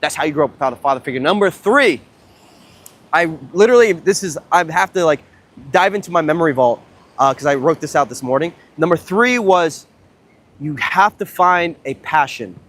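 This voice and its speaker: Excitable, profane young man on a beach. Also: on the high side, moderate pace. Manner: profane, excitable, rambling storytelling. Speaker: dating coach livestreamer. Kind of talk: casual livestream vlog. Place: outdoors at a beach.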